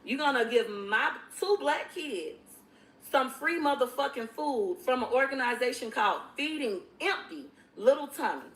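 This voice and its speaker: A woman's voice: high voice, animated, normal speed, a bit bright. A mother ranting angrily and profanely on a livestream. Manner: profane, furious, confrontational. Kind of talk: angry livestream rant. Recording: echoey room.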